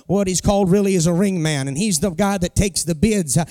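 High-voiced preacher telling stories. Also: male voice, brisk, mellow, no room sound, studio quality. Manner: folksy storytelling with homespun sayings. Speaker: pastor. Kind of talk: sermon testimony.

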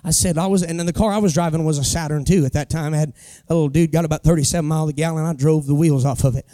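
A man's voice: a little high, steady tone, rapid-fire, warm tone, dry recording, clean studio sound. A middle-aged man, a pastor telling a folksy story as a sermon testimony. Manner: folksy storytelling with homespun sayings.

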